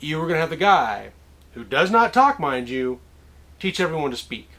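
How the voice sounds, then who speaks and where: A man's voice: on the high side, very animated, normal speed, a bit bright. A man hosting a comedic mock lesson, playing a professor in a theatrical, lecturing way.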